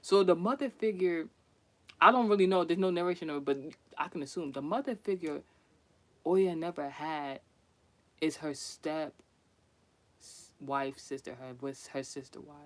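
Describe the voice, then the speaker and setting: Vlogger, casual story monologue, swears and laughs a lot, fairly high male voice. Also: normal speed, fairly bright tone. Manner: chatty, profane, laughs often, many restarts.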